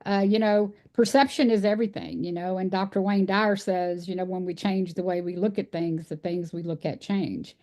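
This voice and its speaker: A woman's voice: on the low side, fairly even intonation, a little mellow. Folksy Texan woman telling her story. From Texas. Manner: folksy, earnest, drawn-out storytelling. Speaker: guest, animal rights speaker. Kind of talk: casual interview conversation.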